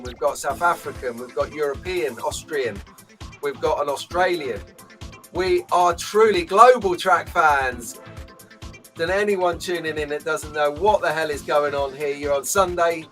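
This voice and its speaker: A man with a slightly raised voice hosts a relaxed live stream from a small room at home. He chats and jokes freely, greeting viewers one by one, with faint music playing behind him. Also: on the high side. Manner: chatty, jokey, greets viewers by name. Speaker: host. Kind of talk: casual live-stream chat.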